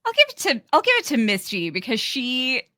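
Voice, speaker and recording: A woman co-hosting a casual podcast, laughing often and speaking in halting bursts with restarts. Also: high-pitched, wildly swooping pitch, pushed and bright, dry recording, clean studio sound. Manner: giggly, halting, many restarts. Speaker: podcast co-host.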